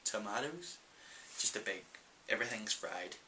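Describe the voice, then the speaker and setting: Chatty Northern Irish man, bright voice. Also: lowish voice, expressive, normal speed, slight background noise, rough recording. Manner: chatty and rambling, many ums. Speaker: vlogger. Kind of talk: casual Q&A vlog.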